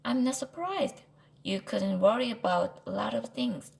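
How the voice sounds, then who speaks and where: A woman voicing a sharp, bossy little girl who teases her big brother in a matter-of-fact way, read aloud from a storybook. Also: medium pitch, wildly swooping pitch, a little slow, gravelly, exaggerated voice. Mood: knowing.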